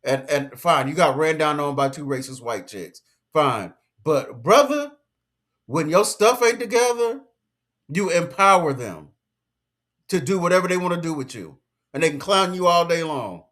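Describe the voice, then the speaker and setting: A man's voice: on the high side, sing-song, normal speed, fairly bright tone. Emphatic man ranting in slangy commentary. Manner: emphatic, lecturing, slangy, repeats his points. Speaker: commentary vlogger. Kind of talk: casual commentary rant.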